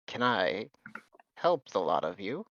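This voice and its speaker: A man doing a surly, curt elf gentleman. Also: fairly low pitch, sing-song, takes it slowly, muffled recording, exaggerated voice. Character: surly, heavyset, stocky male elf gentleman.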